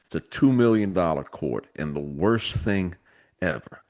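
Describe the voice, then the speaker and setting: A man co-hosting a podcast, chiming in with relaxed asides and quick comments. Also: deep voice. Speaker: podcast co-host. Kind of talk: casual chat.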